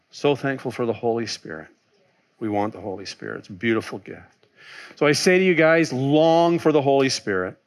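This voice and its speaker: Animated man preaching a sermon. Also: medium pitch. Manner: animated, swings between loud exclaiming and soft musing; asks and answers his own questions. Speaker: pastor.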